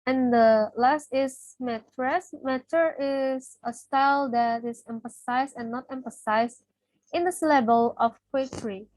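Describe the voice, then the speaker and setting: High-voiced young woman reading notes. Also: unhurried, darkish tone, no room sound, poor audio. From Indonesia. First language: Indonesian. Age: young adult. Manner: reads steadily from notes, listing terms. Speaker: student presenter. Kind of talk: reading a class presentation.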